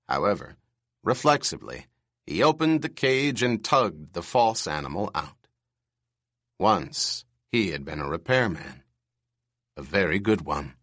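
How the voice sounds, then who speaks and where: A man narrating an audiobook with a slow, deliberate pace. His mid-pitched voice moves through lively, wide-ranging intonation, and the recording is close and dry, with no room sound. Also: no room sound. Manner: measured, expressive storytelling.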